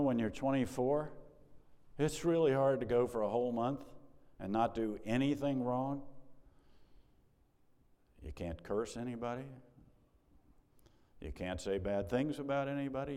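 A man's voice: mid-range voice, normal speed, pauses often, dark tone. A middle-aged male pastor preaching a sermon in a conversational way that rises to emphatic peaks, in a church sanctuary. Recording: long hall reverb.

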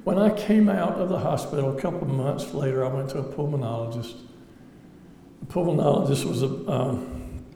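Guy telling his story to a church crowd, warm dark voice, wry and earnest, big roomy hall. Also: mid-range voice, vocal fry, a little hiss or hum. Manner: earnest, reflective, wry humor. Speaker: lay speaker giving testimony. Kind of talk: personal testimony sermon. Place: large hall before an audience. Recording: echoey hall with faint ambience.

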